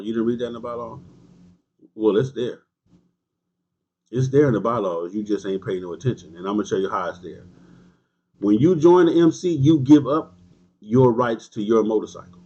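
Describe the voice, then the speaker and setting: A husky, mellow-toned man, preaching hard to his viewers as a motorcycle club leader. He repeats his points, drops street slang and fires back at live comments. The sound is dull and lo-fi, like cheap stream audio. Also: fairly low pitch. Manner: emphatic, repetitive, preachy. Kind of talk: livestream monologue answering viewers.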